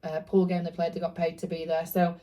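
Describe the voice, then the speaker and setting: A woman from Leeds with a mild Yorkshire accent and a lowish, mellow voice. She answers interview questions in an earnest, measured way. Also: monotone. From Leeds, Yorkshire, England. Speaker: guest rugby league player.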